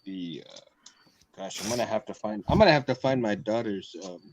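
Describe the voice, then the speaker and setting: A man's voice: on the low side, expressive, fairly quick, slight background noise. A man chatting casually on a livestream, laid-back and joking.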